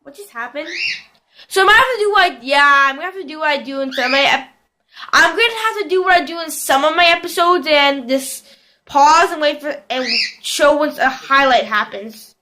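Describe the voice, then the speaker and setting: A young woman giving casual commentary over a football video game, shouting and squealing at plays and chatting to her pet bird. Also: high-pitched, fairly quick. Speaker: gaming video host.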